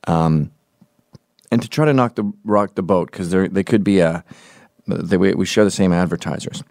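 A man's voice: deep voice, moderate pace, vocal fry, darkish tone, no room sound, clean studio sound. A man in his forties doing a profane, opinionated comedic podcast monologue, slipping into quoted voices as he tells stories. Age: 40s. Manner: acts out quoted voices mid-story.

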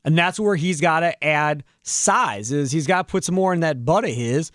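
A man's voice: a little high, moderate pace, no room sound, studio quality. A man hosting postgame sports talk radio, breaking down the box score and ranting about roster moves. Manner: animated, heated rants.

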